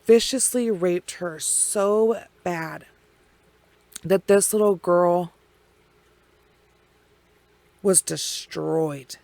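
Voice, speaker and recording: A woman telling a true crime case in casual, blunt language full of swearing and heavy pauses. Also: fairly low pitch, vocal fry, a little mellow, no room sound.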